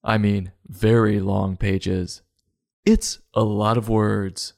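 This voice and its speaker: A man's voice: lowish voice, flat delivery, takes it slowly, vocal fry, darkish tone, no room sound, studio quality. A man giving a comedic book review in a sarcastic, mocking tone.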